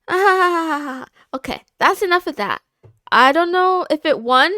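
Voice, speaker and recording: A woman streamer chatting casually on a livestream, halting and confiding, with frequent pauses and restarts. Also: very high-pitched, lively intonation, sharp tone, no room sound, studio quality. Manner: halting, with many fillers and restarts; candid and confiding.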